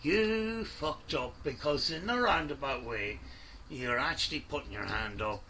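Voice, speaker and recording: A man's voice: medium pitch, a little slow, pushed and bright, a little hiss or hum. A man doing an angry, sweary reaction commentary, mocking and ranting at the video he watches. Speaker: commentary YouTuber.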